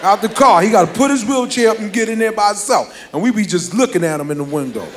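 A man's voice: high voice, animated, fast talker, faint music behind. A man performing a stand-up comedy routine, telling family stories animatedly and laughing through lines.

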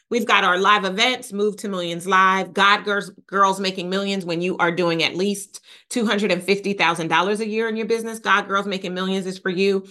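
A woman hosting a podcast, thinking aloud and talking excitedly to listeners as a business coach. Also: medium pitch. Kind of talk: live-thinking podcast monologue.

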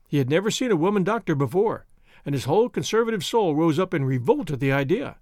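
Expressive male storyteller, dry close sound. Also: a little high, fast, no echo. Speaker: audiobook narrator. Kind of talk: scripted narration of a classic story.

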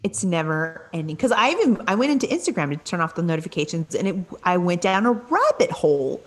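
Lively woman host, swinging pitch. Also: quick pace. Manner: animated, swearing, running the segment countdowns. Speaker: podcast host. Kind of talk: casual sports podcast chat.

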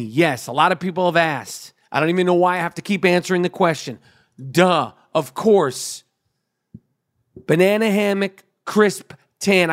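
A man hosting a podcast, telling brash, profane stories in a loose, animated comedic monologue. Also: fairly high pitch. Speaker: podcast host.

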